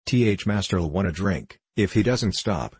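A man reading the lines of a tired, pregnant miner's wife in an audiobook, speaking quietly and plainly. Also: low-pitched, lively intonation, normal speed, husky, dry recording, exaggerated voice.

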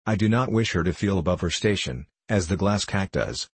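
A man's voice: low voice, animated, breathy edge, no room sound, full character voice. A man reading a snappish housewife. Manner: brisk and snappish. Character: sharp-tongued housewife, magician's wife.

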